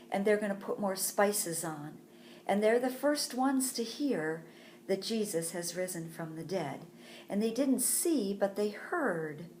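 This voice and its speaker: A woman teaching a Sunday school lesson for children, telling a Bible story slowly and expressively. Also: medium pitch, darkish tone, reverberant, a little hiss or hum.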